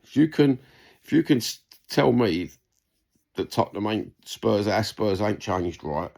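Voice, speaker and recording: A man's voice: on the low side, animated, a little slow, creaky, a little mellow. A man with a London accent delivering a heated, sweary rant to camera in reply to a comment, repeating his points. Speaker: vlogger responding to a comment.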